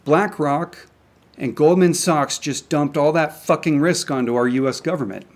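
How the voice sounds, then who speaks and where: A man's voice: a little high, moderate pace. A young man angrily ranting to camera about markets, swearing often and stumbling over restarts. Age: young adult. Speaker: independent crypto commentator. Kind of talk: angry solo rant to camera. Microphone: camera mic.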